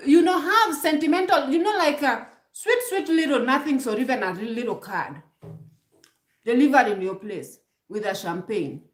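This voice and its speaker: A woman's voice: high voice, animated, normal speed, reverberant. A woman vlogger giving emphatic, preachy relationship advice straight to her viewers, prodding them with rhetorical questions. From Kenya. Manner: emphatic, preachy, rhetorical "hmm?" prompts, frequent restarts. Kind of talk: direct-to-camera advice monologue.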